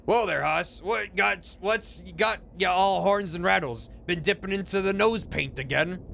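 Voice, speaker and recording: A man's voice: very high voice, big pitch swings, slow, sharp tone, slight background noise, voice pushed up, exaggerated voice. Man doing a drawling Old West cowboy. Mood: folksy. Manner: drawling frontier slang.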